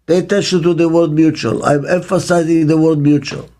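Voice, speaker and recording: An older man with a Hebrew mother tongue, a business consultant speaking in an interview, slow and emphatic, repeating his key words. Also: on the high side, fairly even intonation, dark tone. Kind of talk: interview monologue.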